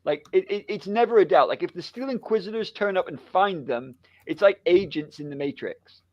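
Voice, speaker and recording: A man co-hosting a casual book chat, an animated storyteller who laughs a lot and acts out the lines he quotes. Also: high-pitched, moderate pace, no echo, muffled recording. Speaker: book club co-host.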